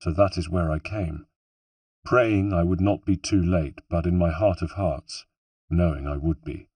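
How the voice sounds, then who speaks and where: A man reads a story aloud in a low, husky voice. His delivery is measured and somber. The sound is dry and comes from a little back from the mic. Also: fairly even intonation, darkish tone, dry recording, distant mic. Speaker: audiobook narrator. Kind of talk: scripted first-person narration.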